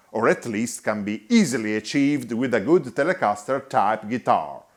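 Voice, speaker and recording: A man hosting a guitar review show, narrating a scripted voice-over in a measured, explanatory way. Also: medium pitch.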